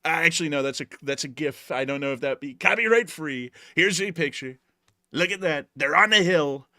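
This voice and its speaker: A man's voice: on the high side, lively intonation, fairly quick, sharp tone, no room sound, clean studio sound. A man hosting a casual comedy chat, rambling and joking. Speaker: host.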